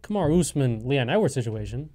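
A man with a mid-range voice talks fast as co-host of a college radio sports show. Animated and joking, he's casual and opinionated, speaking in absolutes and making firm predictions.

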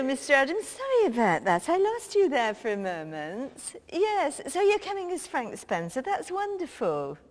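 A woman plays a brash, cheeky middle-aged cabinet minister making breezy phone calls, blunt and quick to swear. Her voice sits high and swoops widely, and she takes her time over the words. A long hall reverb trails behind her. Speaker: comedian. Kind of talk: comic phone-call sketch.

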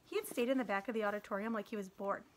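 A woman teacher reading a children's novel aloud in a steady, gentle narrating voice. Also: mid-range voice, very fast, slight background noise. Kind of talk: read-aloud storytelling.

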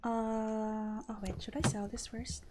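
A woman's voice: fairly high pitch, little pitch movement, unhurried, background noise. A young woman streamer chatting playfully as she plays, rambling and joking at herself. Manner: playful, rambling, self-mocking. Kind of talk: casual game-stream chat.

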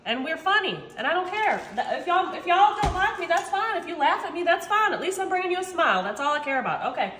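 A chatty woman with a high, bright voice talks her viewers through a recipe in her home kitchen, joking at her own expense. The room gives her voice a noticeable echo, with a light hum of ambience underneath. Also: sing-song, quick pace, hardly any pauses. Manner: chatty, playful, self-mocking, keeps saying y'all. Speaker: cooking vlog host. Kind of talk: casual cooking chat to viewers.

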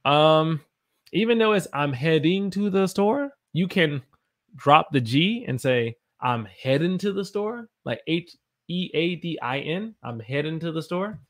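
A man's voice: on the high side, animated, a little slow. A man from the South, teaching English on a live stream and reading out chat comments in an upbeat, playful way. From Southern United States. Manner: upbeat, reads chat aloud, playful voices.

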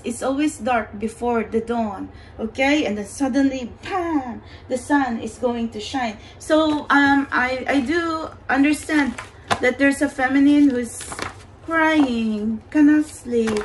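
A woman's voice: high voice, slow, slight background noise, low-quality recording. A woman giving a pick-a-card tarot reading in an earnest, reassuring way, often saying "you know" and "okay".

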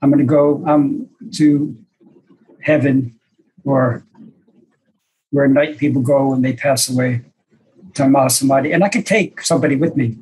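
A man voicing an old guru, husky and gently teasing. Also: medium pitch, moderate pace, long pauses, poor audio. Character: old Indian guru teaching his disciples.

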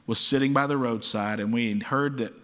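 A man's voice: medium pitch, steady tone, a little fast, bright, forceful tone. A man preaching a sermon as pastor, acting out quoted cries with dramatic force. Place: church sanctuary. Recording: long church hall reverb.

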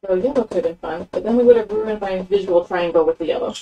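A woman's voice: fairly low pitch, fast talker, slightly rough, recorded from a distance, lo-fi sound. A woman giving a casual craft tutorial, chatting her way through the steps with plenty of ums as she works with her hands. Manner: chatty, rambling with fillers, narrating her hands-on work. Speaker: craft demonstrator. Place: craft table indoors.

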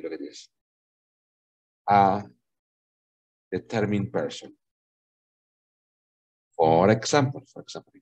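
Over video, a male English teacher with a husky voice and lively pitch runs an online language lesson. He repeats himself with patience, explains slowly, says "okay?" a lot, and moves into Spanish at times.

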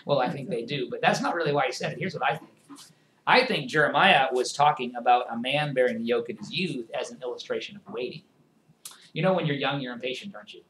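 A man preaching a sermon as pastor, swinging between forceful emphasis and hushed, quiet passages. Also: mid-range voice, quick pace, roomy sound, slight background noise, low-quality recording.

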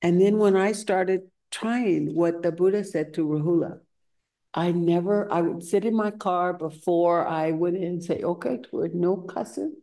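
A woman meditation teacher giving a dharma talk at a retreat center, telling stories in an unhurried way and acting out the voices she quotes. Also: fairly low pitch, steady tone, warm tone.

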